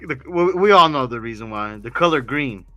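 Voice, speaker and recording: A man's voice: medium pitch, expressive, moderate pace, bright, forceful tone, highs cut off, faint music behind. A man hosting a casual boxing podcast, speaking hesitantly and restarting his phrases. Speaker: podcast host.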